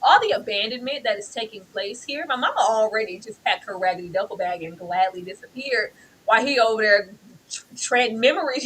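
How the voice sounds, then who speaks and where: A woman co-hosting a casual TV review chat, animated and emphatic, acting out characters' lines. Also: fairly high pitch, brisk, breathy edge, rough recording. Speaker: co-host of a TV review show.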